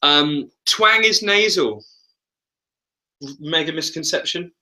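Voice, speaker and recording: A man's voice: fairly high pitch, slow, pushed and bright. A man, a vocal coach, chatting casually on a webinar and laughing often.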